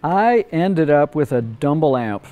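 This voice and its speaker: A man's voice: on the high side, expressive, a little slow, mellow. An older man, a record producer, telling a casual story and acting out both sides of the conversation.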